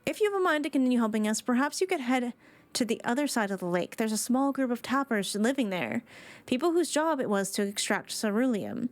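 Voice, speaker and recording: A woman voicing a worried village woman, earnest, polite, fairly high voice, dry sound. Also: lively intonation, brisk, no echo, close to an everyday voice. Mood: pleading. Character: worried female villager asking for help.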